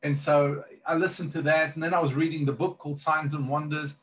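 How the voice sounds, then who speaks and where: A man's voice: a little high, level tone, brisk, a bit bright. A man who is a minister, earnestly telling a personal testimony in conversation, rambling with many fillers and restarts.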